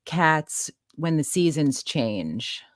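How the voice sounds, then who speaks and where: A woman co-hosts a relaxed live stream. She chimes in with short, friendly remarks and questions for the host. Her voice sits lower than most women's. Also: very slow. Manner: friendly, brief, supportive remarks. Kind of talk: casual live-stream chat.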